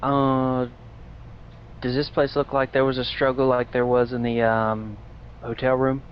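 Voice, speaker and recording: A man's voice: medium pitch, little pitch movement, measured pace, slight background noise. Casual player man, muffled recording. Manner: casual, hesitant, with stammered restarts. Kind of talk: tabletop role-play, casual chat.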